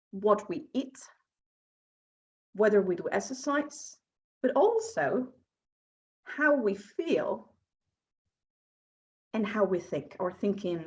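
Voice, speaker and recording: Woman, coach, workshop presenter, mid pitch, dull lo-fi call audio. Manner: asks the audience questions, explanatory.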